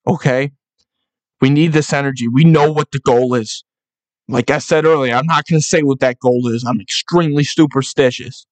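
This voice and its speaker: A young man rallies listeners in a solo sports podcast, fired up and swearing freely. His voice sits at an ordinary pitch for a man. The sound is dry and close, with no room echo. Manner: fired-up, profane, rallying. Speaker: podcast host.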